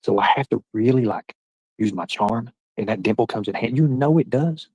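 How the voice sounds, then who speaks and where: A man hosting a casual livestream, rambling loudly and cursing as he chats with his viewers. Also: lowish voice, brisk, husky, dry recording, rough recording. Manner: rambling, loud, profane banter with viewers. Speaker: livestream host.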